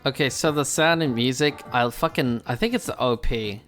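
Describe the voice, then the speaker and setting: Excitable young male host, slangy casual review talk over faint background music. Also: medium pitch, normal speed. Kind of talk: casual anime review chat. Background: faint game music.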